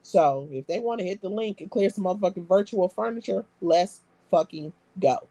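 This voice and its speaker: A woman's voice: on the low side, expressive, normal speed, dark tone, no room sound. A woman hosting a live stream, reading viewer comments aloud and bantering in a brash, profane, streetwise way. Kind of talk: casual live-stream chat.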